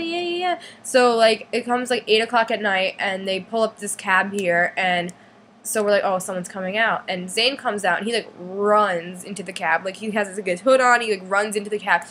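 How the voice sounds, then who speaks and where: A teenage girl rattles off a story to her camera in a chatty, bright voice. She fills it with "like" and pops up into a higher voice for the lines she quotes. Faint noise hums behind her. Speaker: fan vlogger. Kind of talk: casual storytelling vlog.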